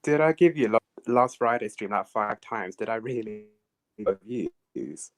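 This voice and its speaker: An eager young man chats into a live stream through his phone's microphone, excitable and quick to laugh. His voice sits on the lower side for a man. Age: young adult.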